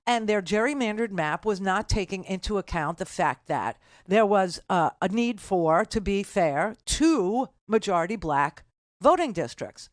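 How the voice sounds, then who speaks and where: Older woman talk radio host, sarcastic and indignant, mid-pitched, dry close mic. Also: expressive, dry recording. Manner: indignant, sarcastic, rapid asides. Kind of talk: political talk radio monologue.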